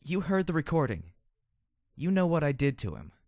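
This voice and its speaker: A hard-bitten pony mare speaks in a raised, urgent voice, as a man reading aloud puts her on. The voice is hoarse, the sound dry. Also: fairly high pitch, sing-song, moderate pace, a little mellow, dry recording, pitched above the performer's own voice. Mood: earnest. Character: tough female pony wasteland scavenger, urgent.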